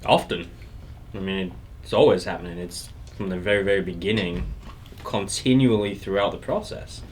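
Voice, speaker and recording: A man with a Texan accent, a real estate team leader, explaining things in a steady, matter-of-fact way on a casual podcast. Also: low-pitched, moderate pace, a little hiss or hum.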